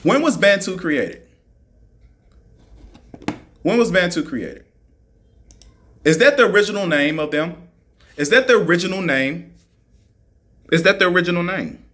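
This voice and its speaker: A man's voice: sits high, lively intonation, a little slow, pauses often, fairly bright tone. A man ranting on a live stream, mocking his listeners and firing the same rhetorical questions at them again and again. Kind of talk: argumentative live-stream rant.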